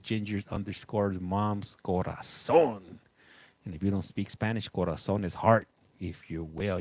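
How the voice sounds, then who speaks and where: A man's voice: low-pitched, a little mellow, no echo. A middle-aged man hosting a casual live stream, chatting loosely and greeting viewers by name. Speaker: livestream host.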